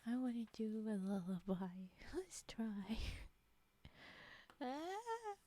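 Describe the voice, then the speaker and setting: A woman hosting a livestream in casual chat, giggling often and rambling, with frequent drops into a breathy whisper. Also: fairly high pitch, measured pace, darkish tone. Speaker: livestream host.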